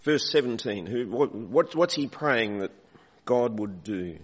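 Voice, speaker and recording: Questioning the congregation and calling for volunteers, a man preaches a conversational, interactive sermon in church. He sounds husky, expressive, and unhurried at a medium pitch, captured in a dull recording with long hall reverb.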